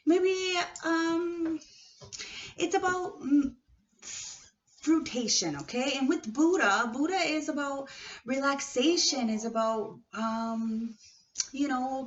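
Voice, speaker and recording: A woman giving a casual tarot card reading with a non-native English accent, chatty and often checking in with her listeners. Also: sits high. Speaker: tarot reader. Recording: distant, dull, noisy home recording.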